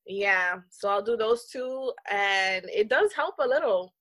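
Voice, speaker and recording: A woman guest on a podcast, chatting casually about skincare in a lively, slangy way, acting out what others said. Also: mid-range voice, a little slow, dry recording. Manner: animated, acts out quotes, slangy. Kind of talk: casual chat.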